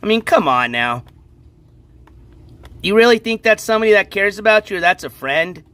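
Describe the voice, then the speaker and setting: A man's voice: sits high, sing-song, normal speed, pushed and bright, smooth. A man hosting a casual live stream, chatting and commenting on a clip in a lightly exasperated way. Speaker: stream host.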